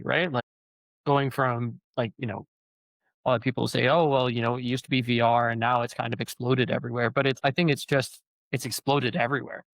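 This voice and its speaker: A mid-range, fairly bright male voice, recorded dry, belongs to an author hosting a relaxed long-form chat. He muses aloud in a meandering way, leaning heavily on fillers.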